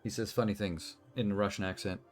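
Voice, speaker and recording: A man's voice: fairly low pitch, fairly even intonation, a little fast, soft background music. A man casually commenting as he plays a video game on a live stream, chatty and given to swearing and talking to himself. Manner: chatty, profane, self-talking while playing. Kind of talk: casual let's-play commentary.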